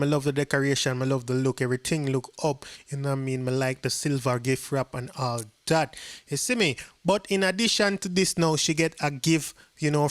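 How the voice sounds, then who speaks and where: A man's voice: fairly high pitch, no room sound. A Jamaican man hosting a channel, chatting casually and often checking in with the viewer. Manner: chatty, repeats "you see me?". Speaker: channel host. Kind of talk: casual vlog commentary.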